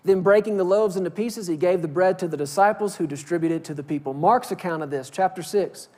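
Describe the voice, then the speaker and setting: Guy preacher, super high voice, dramatic sermon, gets loud then drops real quiet. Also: fast. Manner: dramatic preaching, swings between loud pleading and hushed lows. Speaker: pastor.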